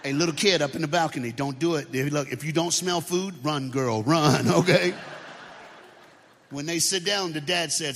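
A male guest speaker telling comic and moving stories to a church crowd, playful and animated, calling out to the audience. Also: medium pitch, moderate pace. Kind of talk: comedic motivational storytelling talk. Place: large church auditorium with balcony. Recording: long hall reverb.

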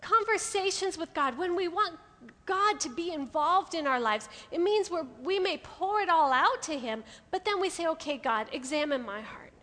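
A woman giving a sermon to a room of women, lively and playful, acting out everyday inner voices. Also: extremely high pitch, normal speed, in a large hall. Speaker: women's ministry speaker. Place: hall with an audience.

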